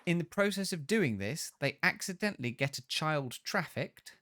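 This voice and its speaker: A man's voice: fairly high pitch, expressive, normal speed, fairly bright tone, no echo, studio quality. A man co-hosting a podcast, recapping a film plot in a rambling, restarting way and swearing freely. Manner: rambling, swearing storyteller who restarts often. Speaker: podcast co-host reviewing films.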